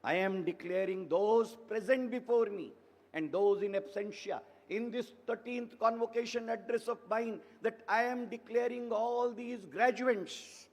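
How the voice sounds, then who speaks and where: A man's voice: high voice, a little mellow. A man in his seventies with an Indian English accent, giving a formal ceremonial address in an emphatic, oratorical way and piling up repeated phrases. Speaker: convocation speaker. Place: large convocation hall. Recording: echoey hall reverb.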